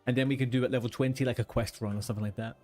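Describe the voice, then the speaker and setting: A man's voice: mid-range voice, fairly even intonation, racing, darkish tone, soft background music. A man streaming a game, chatting casually, swearing and muttering to himself as he plays. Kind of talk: casual gaming livestream chat.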